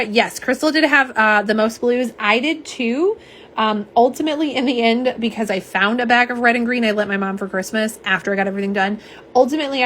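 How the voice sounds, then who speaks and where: A woman's voice: a little high, fairly bright tone, slight background noise. A woman hosting a live nail polish unboxing, chatting casually and reading viewer comments aloud. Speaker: nail polish livestream host. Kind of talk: live unboxing and swatching chat.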